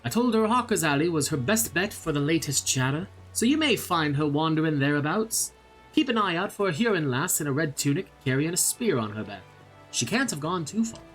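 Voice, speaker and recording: A man's voice: fairly high pitch, very animated, fairly quick, fairly bright tone, soft background music. A man reading a friendly quest-giving townsperson aloud in a wobbly, part Irish, part English put-on accent. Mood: helpful. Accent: mixed Irish-English put-on. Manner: loose put-on accent, conversational. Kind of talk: reading game dialogue aloud.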